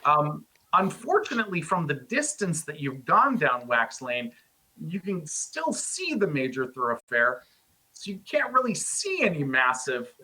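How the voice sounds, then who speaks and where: A man's voice: a little high, sing-song, unhurried, bright, forceful tone, slightly rough, rough recording. A man narrating a tabletop game as game master, rambling with many fillers.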